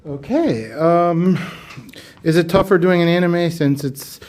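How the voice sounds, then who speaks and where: A man's voice: fairly high pitch, unhurried, a little mellow. A man interviewing voice actors, asking long questions and rephrasing them as he goes.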